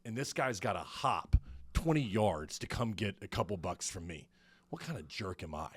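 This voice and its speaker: Deep-voiced man, reflective host. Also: big pitch swings, moderate pace, husky, no echo. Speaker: podcast host. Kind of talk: conversational interview.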